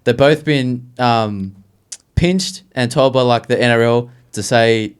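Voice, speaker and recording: A man's voice: medium pitch, takes it slowly, smooth. A young man, co-hosting a casual podcast and telling rambling, profane stories. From Australia. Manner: rambling storyteller, swears freely. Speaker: podcast co-host. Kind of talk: casual chat.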